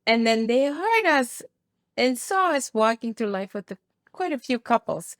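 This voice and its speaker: A woman's voice: a little high, big pitch swings, measured pace, no echo, studio quality. A woman guest on a podcast, sharing a family story and laughing lightly. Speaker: guest, family ministry worker. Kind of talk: casual storytelling.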